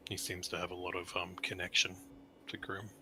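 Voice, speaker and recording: A man's voice: sits low, completely flat delivery, a little fast, sharp tone, slight background noise, poor audio. A man playing a tabletop game, asking a rambling question while searching for words. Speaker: player. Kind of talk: casual tabletop play.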